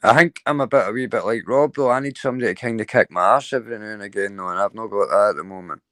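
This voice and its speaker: A man's voice: lowish voice, very fast, fairly bright tone, no echo. Male live-stream host, loose rambling chat, dry close sound. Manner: rambling, restarts sentences, laughs easily. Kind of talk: casual chat.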